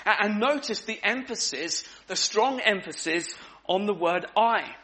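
A man delivers a sermon in a high, bright and forceful voice. He talks in a relaxed, conversational way, with frequent ums, and repeats his key words to drive them home. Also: a little slow. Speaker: preacher. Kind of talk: evening sermon.

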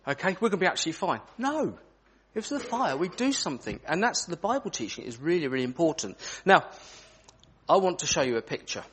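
Man giving a church children's talk, slightly husky, bouncy and animated delivery, fairly high for a man. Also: brisk. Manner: animated, asks children questions.

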